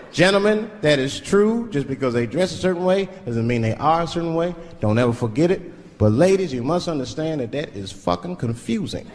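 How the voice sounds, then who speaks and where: A male stand-up comedian telling crude stories and acting out the people in them, on a large theater stage with a handheld mic. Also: fairly high pitch. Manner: storytelling, acts out characters, crude. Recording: live hall with audience laughter. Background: audience laughter and crowd noise.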